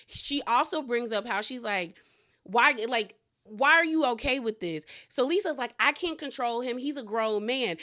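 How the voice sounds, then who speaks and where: A chatty woman retells reality-TV drama, slipping into quick impressions of the people she quotes. Her voice is bright and sits a little high for a woman. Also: lively intonation. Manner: gossipy, retells scenes quoting people, laughs often. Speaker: reality TV recap host. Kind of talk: casual recap chat.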